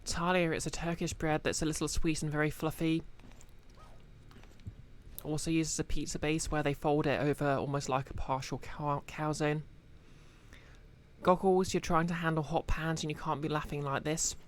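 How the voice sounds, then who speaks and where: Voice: mid-range voice, level tone, normal speed, slight background noise. A streamer, chatting casually to viewers while playing, rambling with many fillers. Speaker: game streamer.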